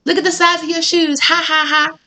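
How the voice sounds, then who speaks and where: A tarot reader doing a shrill cackling bully. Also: flat delivery, a little fast, bright, forceful tone, exaggerated voice. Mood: mocking. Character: mocking petty bully, cackling taunts.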